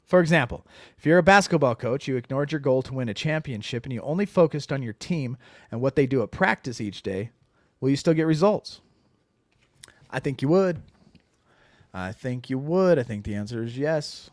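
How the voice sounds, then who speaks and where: Lively man co-hosting a book podcast. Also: mid-range voice, fairly quick, dry recording, studio quality. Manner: animated, reads passages aloud and riffs on them. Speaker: podcast co-host. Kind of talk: casual book discussion podcast.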